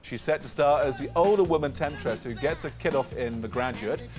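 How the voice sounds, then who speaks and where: A man's voice: medium pitch, a little fast, over music. A man hosting a gossip news show, jokey and self-mocking as he banters with his guests. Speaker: host. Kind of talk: chatty showbiz news presenting.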